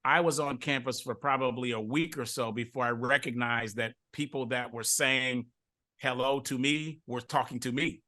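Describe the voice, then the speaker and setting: A middle-aged man from Detroit hosting a podcast interview, telling stories in a relaxed way and often repeating words as he goes. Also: medium pitch, normal speed. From Detroit, USA. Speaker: podcast host. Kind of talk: casual interview chat.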